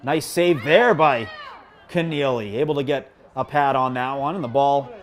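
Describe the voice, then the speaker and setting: A man doing live play-by-play commentary at a high school field hockey game, chatty and self-deprecating, joking with the viewers between plays. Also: moderate pace. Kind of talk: live local sports commentary. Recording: crowd noise behind.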